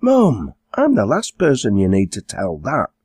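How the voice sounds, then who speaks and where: Cheeky teen farm girl, quick and teasing, pitched way up, as a male narrator puts her on, a bit husky. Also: huge pitch swings, darkish tone, no room sound, clean studio sound, full character voice.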